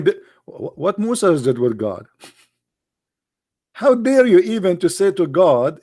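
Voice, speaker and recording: Man, high-pitched voice, sarcastic commentary, rhetorical questions, English. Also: darkish tone. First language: Arabic. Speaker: religious critic. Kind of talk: polemical commentary.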